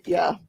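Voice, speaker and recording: A woman in her forties hosting a live crafting stream, chatting casually, often laughing and reading viewer comments aloud. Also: slight background noise. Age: 40s. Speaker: host of a live crafting show.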